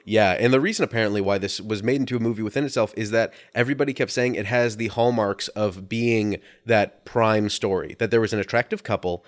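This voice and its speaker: A man hosting a casual chat, telling a story with animated energy, swearing freely and often restarting his sentences. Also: lowish voice, brisk, few pauses.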